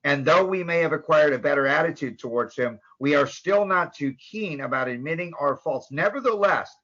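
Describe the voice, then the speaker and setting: Bright-voiced man reading with emphasis. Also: a little high, moderate pace, lo-fi sound. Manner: emphatic, pointing out key phrases. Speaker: AA speaker. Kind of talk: reading and commenting on a text.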